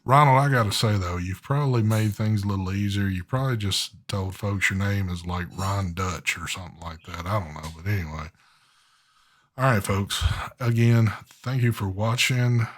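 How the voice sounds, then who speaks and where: A man with a fairly low voice hosts a live stream in casual chat. He talks in an easygoing, drawling way with plenty of ums and pauses. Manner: drawling, easygoing, hesitant with fillers. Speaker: host of a live vape show.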